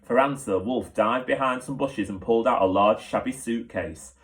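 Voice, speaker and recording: A man, a teacher, reading a children's book aloud with steady, clear storytelling. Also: medium pitch, moderate pace.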